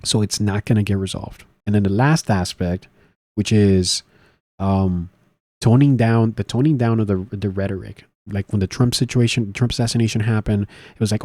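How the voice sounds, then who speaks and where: Male commentator, casual solo talk, low mellow voice, halting and rambling delivery, dry close recording. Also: level tone, dry recording. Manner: rambling, many fillers and restarts. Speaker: political commentary host.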